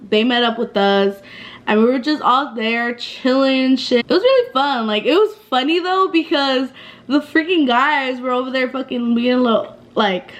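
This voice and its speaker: A woman in her twenties telling a casual storytime vlog in a chatty, slangy way, with lots of fillers and swearing. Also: fairly high pitch. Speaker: vlogger.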